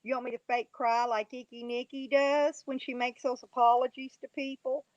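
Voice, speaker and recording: A woman's voice: sits high, flat delivery, moderate pace, dry recording. Livestream host, woman, mocking and laughing, dry and slightly dull sound. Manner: mocking, taunting, laughing often. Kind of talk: casual livestream chat, reading and answering chat.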